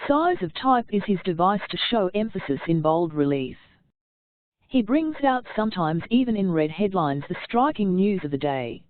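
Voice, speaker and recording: A woman reading an instructional audiobook aloud in a steady, measured delivery. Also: mid-range voice, dry recording. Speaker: audiobook narrator. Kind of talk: scripted audiobook narration. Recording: tinny phone-like narrow sound.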